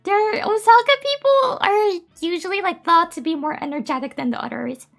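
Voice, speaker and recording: A very high, bright-toned woman with a Japanese accent chats casually on her live stream, giggling and cutesy as she thanks viewers. Soft music plays faintly behind her. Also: moderate pace, vocal fry.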